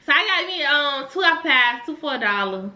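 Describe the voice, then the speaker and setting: A young woman from Virginia vlogging a casual story, animated, swearing and laughing as she talks. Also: sits high, brisk. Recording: echoey room.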